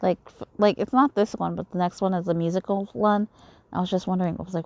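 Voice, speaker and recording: A woman's voice: lowish voice, normal speed, darkish tone, dry recording. A young woman giving casual commentary while playing a story game, chatty and giggly, swearing casually. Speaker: game player reading aloud. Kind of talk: casual let's-play commentary.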